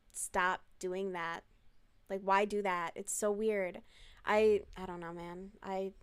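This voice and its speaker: Smooth-voiced woman chatting on a stream. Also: medium pitch. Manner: chatty, swears freely, answers chat messages. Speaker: live streamer. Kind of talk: casual live-stream chat.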